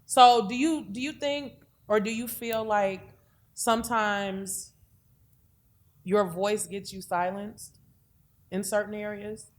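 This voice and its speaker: Slow-speaking woman co-host. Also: medium pitch, fairly even intonation. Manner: slow, measured questioning. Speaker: podcast co-host. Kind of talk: casual podcast conversation.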